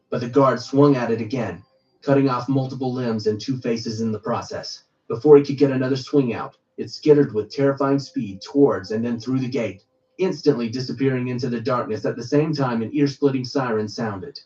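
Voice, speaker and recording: A man reading a first-person horror story aloud in steady storytelling narration. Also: medium pitch, moderate pace, distant mic, lo-fi sound.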